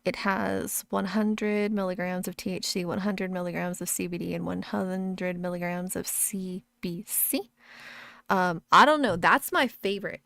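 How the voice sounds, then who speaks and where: A woman's voice: fairly low pitch, steady tone, a little slow, creaky, a bit bright, dry recording. A woman streamer chatting casually while gaming, rambling, laughing often and swearing freely.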